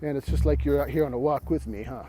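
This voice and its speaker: A man teaching an esoteric lesson while walking outdoors, slightly out of breath, halting and restarting his words. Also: medium pitch, mellow, soft background music. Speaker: esoteric mystery school teacher. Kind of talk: rambling spoken lesson.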